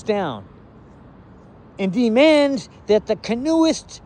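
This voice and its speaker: A man's voice: high voice, sing-song, slow pace, pauses often, mellow. A man vlogging to camera in an angry, rambling rant, swearing heavily and sounding exasperated.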